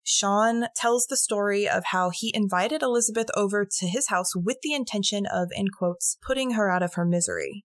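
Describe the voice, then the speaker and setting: A woman's voice: medium pitch, normal speed, hardly any pauses, no echo, clean studio sound. A woman co-hosting a true-crime podcast, telling the case casually, acting out quotes and swearing. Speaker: podcast co-host.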